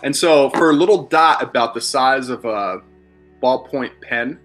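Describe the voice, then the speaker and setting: With faint music behind him, a man speaks at medium pitch, a little slowly, in a fairly bright tone. He's in his thirties, from Philadelphia, USA, and as a podcast guest he tells rambling, candid stories in casual chat, swearing freely.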